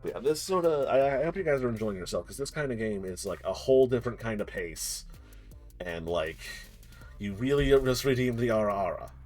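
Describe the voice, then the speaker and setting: A male streamer and game master fills time before a tabletop session with rambling, jokey chatter. He swears freely, mocks himself, and his voice sits at a middling pitch. It swings up and down with lively energy. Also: brisk, faint music behind. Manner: self-mocking and excitable. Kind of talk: casual live-stream chat before a game.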